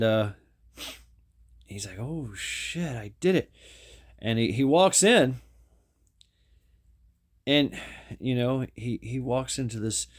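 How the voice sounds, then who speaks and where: A man casually telling a story, rambling with restarts and fillers. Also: medium pitch.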